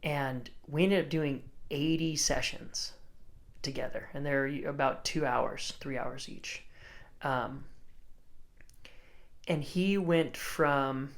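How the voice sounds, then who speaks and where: A man's voice: on the high side, a bit bright. A man guest on a podcast, casually telling a story in laid-back surfer talk, full of "like" and acted-out dialogue. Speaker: guest, surfer and surf coach.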